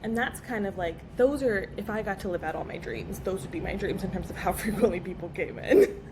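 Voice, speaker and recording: Woman guest therapist on a podcast, talkative and animated, with clear noise behind her. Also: mid-range voice. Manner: fast, filler-heavy, frequent "like". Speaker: pelvic floor physical therapist guest. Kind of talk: casual podcast chat. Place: podcast studio. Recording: background noise.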